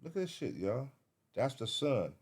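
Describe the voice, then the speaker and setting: A man giving live reaction commentary, excitable, swearing and thinking aloud as he searches. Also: medium pitch, normal speed, breathy edge. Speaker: reaction streamer.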